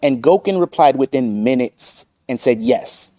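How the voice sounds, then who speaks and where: A man's voice: medium pitch, expressive, measured pace, mellow, dry recording, clean studio sound. Combative swearing man commentator. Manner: combative, swearing, reads chat quotes aloud. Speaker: commentary channel host. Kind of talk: profane drama commentary.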